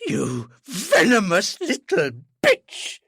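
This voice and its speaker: A man's voice: high-pitched, wildly swooping pitch, slow pace, bright, forceful tone, no echo, clean studio sound, pitched above the performer's own voice, exaggerated voice. A narrator doing a blustering, furious old man. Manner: blustering, choking with rage. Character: heavy, blustering, hot-tempered old father.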